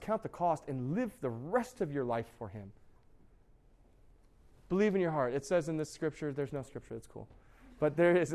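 A man's voice: a little high, darkish tone. A young man preaching a sermon as youth pastor, casual and joking, with lots of fillers and restarts.

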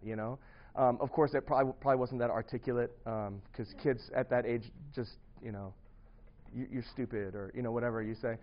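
A man's voice: medium pitch, lo-fi sound. A young man casually telling a long personal story to a small group, rambling with many restarts and often breaking into laughter. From grew up partly in the US Midwest.

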